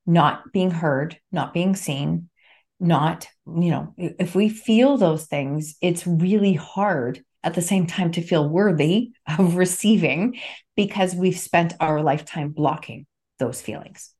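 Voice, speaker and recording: Casting: woman in her fifties, podcast guest, earnest, lowish voice. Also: takes it slowly, a little mellow, breathy edge. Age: 50s. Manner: earnest, repeats key phrases for emphasis. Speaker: podcast guest, NLP trainer and author. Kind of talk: casual interview conversation.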